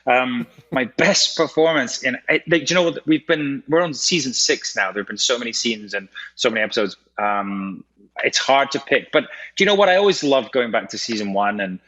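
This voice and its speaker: A man's voice: medium pitch, fairly quick, sharp tone. A man with a Scottish accent, chatting as an interview guest over a video call, laughing easily and restarting his sentences often. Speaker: actor guest. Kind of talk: casual interview chat. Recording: dull lo-fi video call audio.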